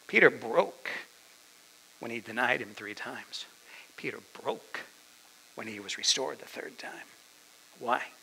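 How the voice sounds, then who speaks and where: A male preacher giving a dramatic sermon, swinging from loud declarations down to whispers. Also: medium pitch, measured pace, gravelly, pauses often, slightly rough, poor audio.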